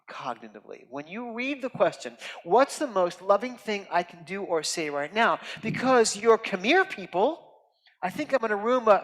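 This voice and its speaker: A man giving a heartfelt, expressive inspirational talk as a guest speaker at a temple, swinging from loud emphasis to soft near-whispers. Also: high voice. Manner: earnest and heartfelt, tearful at moments. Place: temple sanctuary. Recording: reverberant hall.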